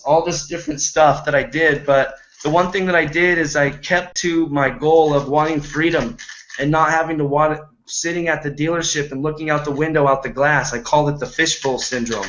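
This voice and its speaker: Rambling, earnest male home business coach, high-pitched, on a dull lo-fi recording. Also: steady tone, moderate pace, a bit bright, slight background noise. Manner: rambling and earnest, checks in with "right?" and "okay?". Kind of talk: motivational talk to camera.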